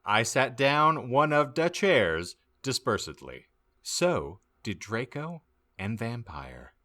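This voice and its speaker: A man reading a badly written story aloud as a comic audiobook, deadpan and stumbling over misspelled words. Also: mid-range voice, takes it slowly. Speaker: podcast host reading aloud.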